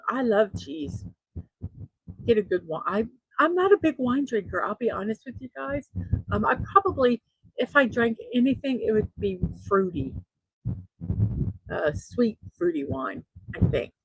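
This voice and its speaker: A woman's voice: fairly high pitch, vocal fry, husky, no room sound, poor audio. A middle-aged woman hosting a daily morning show, chatting casually and laughing at her own jokes. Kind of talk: casual solo show, reading memes aloud.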